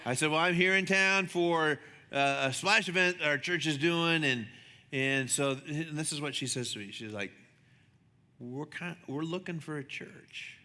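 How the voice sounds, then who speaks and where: A man preaching a sermon as a pastor, chatty and animated, acting out the voices in his stories. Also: measured pace. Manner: conversational, animated, acts out dialogue with shifting pitch. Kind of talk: sermon with storytelling. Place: church sanctuary. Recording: long hall reverb.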